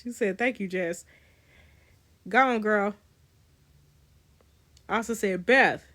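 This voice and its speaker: A woman, reading a story game's dialogue aloud and reacting, animated and laughing often, with teasing asides to her viewers. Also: mid-range voice, slow. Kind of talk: reading choices-game dialogue with live reactions.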